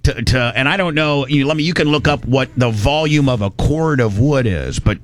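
A man's voice: mid-range voice, normal speed, no echo. A man from Indiana telling a rambling, folksy story in casual chat, slipping into voices for the people he quotes.

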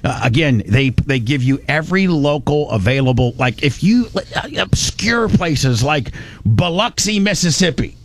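A man's voice: on the high side, animated, moderate pace, slight background noise. A man hosting a radio talk show, rambling and joking, often correcting himself mid-sentence. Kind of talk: casual talk radio with ad reads.

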